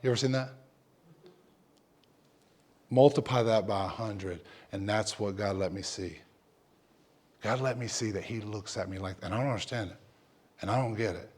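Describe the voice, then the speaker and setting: A man preaching an emotional personal testimony as a pastor, dropping to near whispers and then rising loud and fervent. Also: on the low side, moderate pace, long pauses, breathy edge. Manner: emotional testimony, swings from hushed to loud, repeats himself. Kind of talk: sermon.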